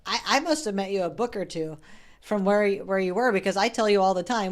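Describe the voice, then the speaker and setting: A woman's voice: mid-range voice, brisk. A middle-aged woman hosting a podcast in casual interview chat, candid and chatty, swearing now and then. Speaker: podcast host.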